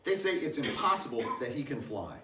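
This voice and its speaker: A man's voice: mid-range voice, sing-song, brisk, noisy background, lightly acted. An older man voicing an earnest, indignant little girl during a reading, in an emphatic, insistent manner. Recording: echoey hall, mic some distance off.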